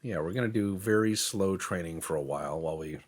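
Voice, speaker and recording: A man's voice: sits low, husky. A man giving rambling, joking gameplay commentary, acting out imagined conversations and muttering to himself while he works the menus. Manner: joking, acts out imagined dialogues in quick quoted voices.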